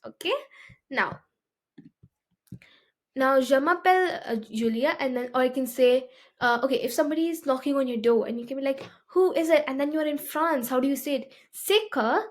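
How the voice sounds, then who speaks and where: A woman with a slightly high voice teaches a beginner French lesson. She explains step by step and keeps checking in with her listeners. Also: a little fast, long pauses. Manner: explanatory, often checks with "okay?".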